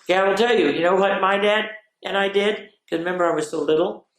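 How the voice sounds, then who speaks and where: A woman hosting a children's story time, talking to kids in a lively, expressive way. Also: medium pitch, fast talker. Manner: animated, expressive, addressing kids directly. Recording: roomy echo.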